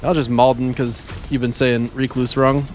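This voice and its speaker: A man streams a game and rambles casually about words he pronounces oddly, chatting and joking at his own expense with viewers as he plays. His medium-pitched voice is flat and moderately paced, with a little hiss or hum.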